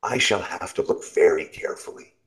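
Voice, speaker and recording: A man's voice: deep voice, fairly quick, natural voice, low-quality recording. A man reading aloud, voicing a kindly old male shopkeeper who is fretful and hopeful, with quavering, fussy exclamations. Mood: wondering.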